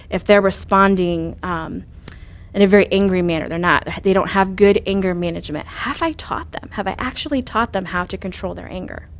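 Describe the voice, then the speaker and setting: Earnest woman coaching on parenting. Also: medium pitch. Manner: earnest and coaching, with rhetorical questions and fillers. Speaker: parenting speaker. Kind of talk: instructive talk on parenting.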